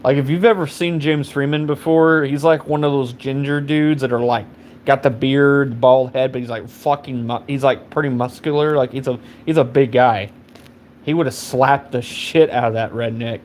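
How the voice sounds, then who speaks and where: A young man rants on a live stream in a loose, profane ramble full of fillers. His voice sits at an ordinary middle pitch. A faint background noise hums under it. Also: fairly even intonation, moderate pace, darkish tone. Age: 20s. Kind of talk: casual rant.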